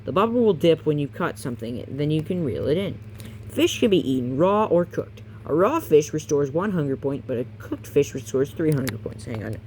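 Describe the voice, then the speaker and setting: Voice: medium pitch, big pitch swings, normal speed, a little mellow, a little hiss or hum. A reader casually reading a game guidebook aloud, stumbling, correcting themselves and adding chatty asides.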